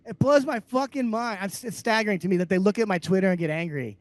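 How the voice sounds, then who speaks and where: High-voiced dude yelling sarcastic profane rants on a comedy podcast. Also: male voice, fast, dry recording. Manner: loud, abrasive, sarcastic. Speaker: podcast co-host.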